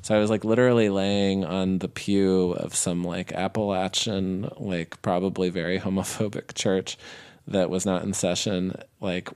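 A man's voice: sits low, little pitch movement, moderate pace, darkish tone, clean tone. A man as an interview guest, telling a long personal story in a casual, rambling way with lots of fillers and restarts. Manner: rambling, many fillers and restarts, laughs easily.

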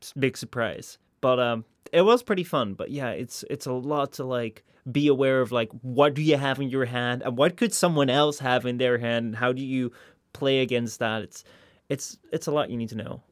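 A man co-hosting a casual podcast chat in a relaxed, rambling way. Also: mid-range voice, normal speed, no echo, studio quality. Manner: relaxed, lots of fillers and restarts. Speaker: podcast co-host.

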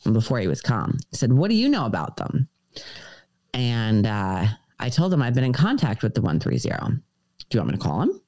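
A woman's voice: very deep voice, wildly swooping pitch, brisk, dark tone, dry recording. A woman guest on a podcast, earnestly recounting a personal story and quoting dialogue in shifting voices. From United States.

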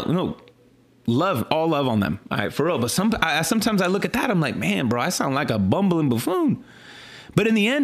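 In a casual follow-up talk on his sermon, a pastor speaks in an animated way, frequently restarting and stuttering. He swings between high exclamations and low, earnest lines.

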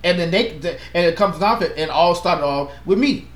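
Male pastor, fairly high voice, earnest and passionate, echoey room. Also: fairly quick. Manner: earnest, passionate, animated with playful asides. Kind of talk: casual chat.

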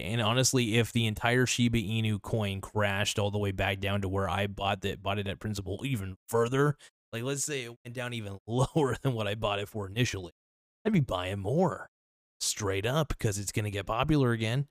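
A man with a lowish voice rambles through a solo podcast monologue, loose and profane, often restarting his sentences. His voice sounds a little worn, as if he is losing it. The sound is dry and close, with no room echo. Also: fairly even intonation, fairly quick. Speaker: podcast host.

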